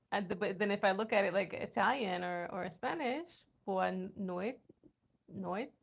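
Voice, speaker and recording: A woman's voice: mid-range voice, slow pace, gravelly, pauses often, breathy edge. An American woman hosting a casual night-time livestream from home, chatting with viewers, trying out foreign words and laughing often. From United States. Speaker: livestream host.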